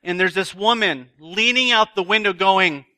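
A man's voice: high-pitched, moderate pace, bright, forceful tone. A man speaking at a retreat, telling self-deprecating stories in a chatty sermon to a live audience. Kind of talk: sermon with a humorous personal story. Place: live talk before an audience.

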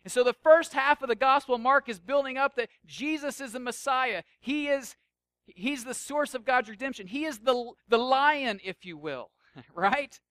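A man preaching a sermon in a high, bright voice. He talks casually and jokes with the room, then drops soft and intense. The sound is dry and close. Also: normal speed, dry recording. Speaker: pastor.

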